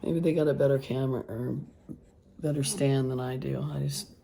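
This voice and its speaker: A woman with a hoarse voice, rambling casually as she works on a craft project and later preaching earnestly. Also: extremely low pitch, fairly even intonation, moderate pace, warm tone, a little hiss or hum. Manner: rambling, thinking aloud with restarts; earnest preaching about faith. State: hoarse, voice still gone after illness. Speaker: craft vlogger. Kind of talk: casual craft vlog talk.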